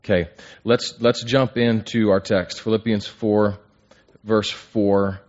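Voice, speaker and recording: A man's voice: on the low side, flat delivery, takes it slowly, darkish tone. A man teaching an interactive Bible class, asking the group questions and restarting his phrases with repeated words. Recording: dull lo-fi recording.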